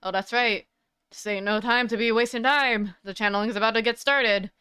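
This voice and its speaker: A woman doing a loud, pushy southern gal photographer, all folksy swagger, her put-on drawl crisp and smooth against a dry, close sound with no room echo. She barrels through her lines with eager bluster, as if reading the game's dialogue aloud. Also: a little high, fairly even intonation, brisk. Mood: brash. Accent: put-on American Southern. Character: brash southern female paranormal photographer.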